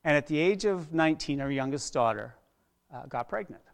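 A middle-aged man preaching a sermon as a pastor, earnest, dropping to a hush and then rising loud, often repeating words. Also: fairly high pitch, lively intonation, brisk, creaky. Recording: long hall reverb.

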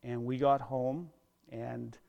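A middle-aged man preaching a sermon as a pastor, earnest, dropping to a hush and then rising loud, often repeating words. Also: medium pitch, flat delivery, slow pace, creaky, highs cut off. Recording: long hall reverb.

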